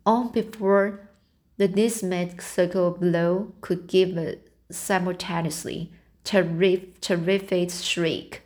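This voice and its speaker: A woman reading a novel aloud as an audiobook, in a halting way with frequent restarts. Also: lowish voice, steady tone, darkish tone. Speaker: audiobook reader.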